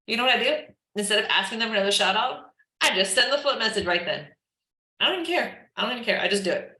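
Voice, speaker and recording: Chatty woman, bright echoey sound. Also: mid-range voice. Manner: chatty, lots of "like", acts out chat messages. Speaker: team trainer. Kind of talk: casual live training session.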